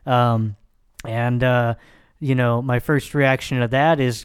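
A man's voice: mid-range voice, unhurried, clean tone. A man casually talking over a film's ending, rambling with many fillers and swearing. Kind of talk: casual film discussion.

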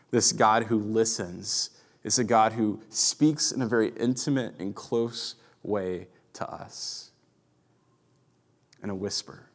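A man in his thirties preaching a sermon, earnest and reflective, often dropping to a hushed voice. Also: on the low side. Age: 30s. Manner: earnest, reflective, drops to a hushed voice for quiet moments. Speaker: pastor.

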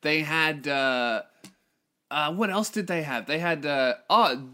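A man's voice: on the high side, expressive, takes it slowly, pushed and bright. An Australian man, a stand-up comedian hosting his own podcast, telling stories in a profane, rambling way and laughing at his own jokes. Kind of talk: casual comedic storytelling monologue.

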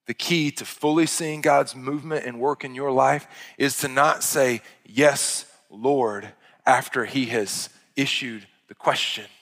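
A man preaching with fervor, his voice climbing high and loud at the peaks, then sinking to near-whispers. His voice has a middling pitch and rings out with a long reverb, as in a large church hall. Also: fairly even intonation, unhurried, few pauses. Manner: impassioned preaching that swells loud and high, then drops to hushed tones. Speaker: pastor. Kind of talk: sermon.

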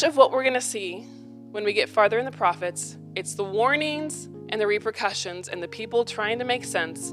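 A woman's voice: on the high side, animated, moderate pace, fairly bright tone, faint music behind. A woman, preaching a sermon in a conversational, emphatic way, repeating phrases for effect. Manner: conversational, with parenting asides. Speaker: pastor.

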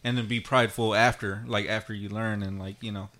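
A man's voice: on the low side, little pitch movement, brisk, a bit bright. A man co-hosting a casual podcast, rambling and repeating himself. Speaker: podcast co-host and editor. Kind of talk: casual chat.

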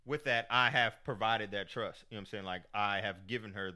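A man's voice: on the low side, steady tone, fairly quick, sharp tone. A man in casual chat, speaking candidly and with profanity.

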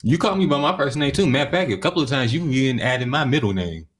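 A man's voice: mid-range voice, lively intonation, fast talker, breathy edge. A man co-hosting a podcast in casual chat, easygoing and chuckling. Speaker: podcast co-host.

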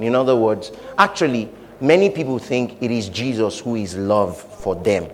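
A man preaching a sermon with animated delivery, acting out voices and laughing often. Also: mid-range voice, normal speed, long reverb tail. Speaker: pastor.

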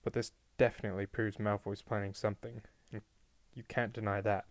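A man's voice: fairly low pitch, little pitch movement, brisk, dry recording, natural voice. A man reading aloud and voicing a stubborn, suspicious teenage wizard who talks in an insistent, exasperated way. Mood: arguing.

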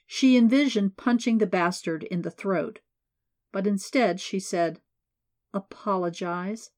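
A woman narrating an audiobook in a measured, steady reading. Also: medium pitch.

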